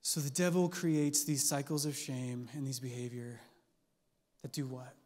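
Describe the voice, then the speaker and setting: A man's voice: medium pitch, level tone, unhurried, a little mellow. A man giving an earnest, conversational sermon as a pastor, with casual filler words. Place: church hall. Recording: long church-hall reverb.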